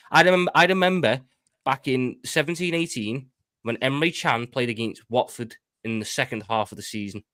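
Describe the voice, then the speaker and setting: A man on a football chat show making his case with a measured anecdote. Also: mid-range voice, fairly bright tone, no echo, studio quality. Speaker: guest pundit. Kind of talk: casual football debate.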